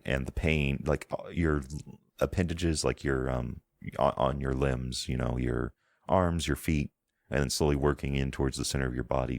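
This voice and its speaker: A man with an extremely deep voice and a gravelly rasp narrates a tabletop game as game master. He talks in a meandering, descriptive way and stops to search for words. The sound is dry and close. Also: darkish tone, no room sound.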